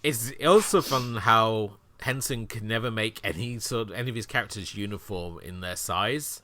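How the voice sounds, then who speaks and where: A man's voice: on the low side, moderate pace, pushed and bright, dry recording. A man co-hosting a film podcast, explaining things in a laid-back, chatty way. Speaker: podcast co-host. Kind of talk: casual chat.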